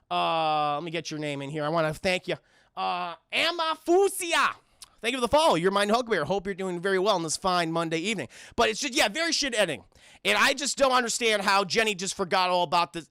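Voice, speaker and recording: A young man recapping a film on a casual live stream, talking straight to his chat, profane and animated. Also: sits high, creaky, no room sound, clean studio sound.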